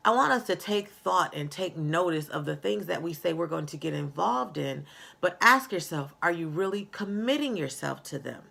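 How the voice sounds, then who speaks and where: A middle-aged woman giving a slow, earnest motivational talk, with some fillers. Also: on the low side, animated, gravelly, a bit bright. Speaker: motivational speaker.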